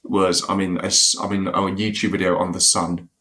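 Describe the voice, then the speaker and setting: Man, fairly low voice, chatty, laughs a lot, casual podcast chat. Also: level tone, brisk, sharp tone. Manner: chatty anecdotes, frequent laughter. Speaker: podcast co-host.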